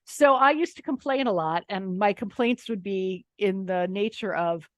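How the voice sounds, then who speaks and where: A middle-aged woman from Pennsylvania, a nonfiction author, telling anecdotes in a lively, wry way. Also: medium pitch, normal speed, few pauses, no echo. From Pennsylvania, USA. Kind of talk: casual interview storytelling.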